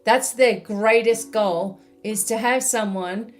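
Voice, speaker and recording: A woman's voice: a little high, slow. An Australian woman speaking as a spiritual mentor in a live-stream monologue, chatty and full of "you know" and "right?".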